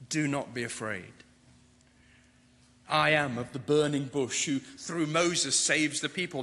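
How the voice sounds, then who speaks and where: A man delivers a sermon with dramatic build, his slightly high voice bright and forceful. Each emphatic line rings out with long reverb, as in a large church hall. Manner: dramatic, rising to emphatic declarations. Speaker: preacher.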